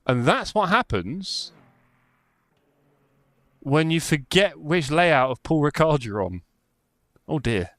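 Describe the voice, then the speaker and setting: A man's voice: fairly high pitch, animated, takes it slowly, long pauses, a bit bright, dry recording. A young man live-streaming sim racing, chatty and self-mocking, calling the race as he drives.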